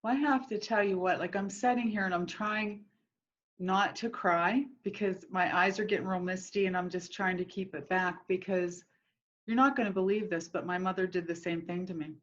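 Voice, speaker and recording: A woman's voice: lowish voice, fairly even intonation, normal speed, lo-fi sound. A woman guest sharing childhood memories earnestly, breaking into laughter now and then. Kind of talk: candid conversational chat.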